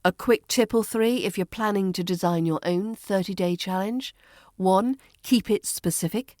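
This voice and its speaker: A woman with a southern English RP accent, hosting an accent lesson in a crisp, measured, instructive way. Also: mid-range voice, darkish tone, no room sound, studio quality. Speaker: accent coach and podcast host.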